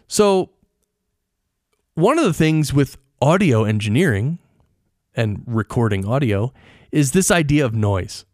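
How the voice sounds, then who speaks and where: A man's voice: medium pitch, darkish tone, dry recording. Middle-aged male podcaster, chatty explainer, close-miked, very dry room. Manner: chatty, explanatory, asks the listener questions. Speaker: podcast host and audio engineer. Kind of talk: casual solo podcast talk. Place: treated home studio with foam and rug. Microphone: close studio microphone.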